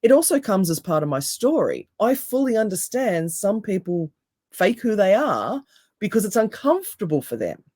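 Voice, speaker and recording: A woman with a deep voice, a hypnotherapist and coach speaking as a podcast guest with calm, emphatic, repeated phrases. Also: moderate pace, no echo, studio quality.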